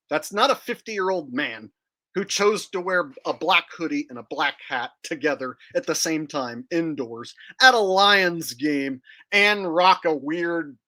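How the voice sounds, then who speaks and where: A man's voice: fairly high pitch, pushed and bright. A man hosting a casual livestream, joking brashly with viewers and cursing freely. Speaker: livestream host.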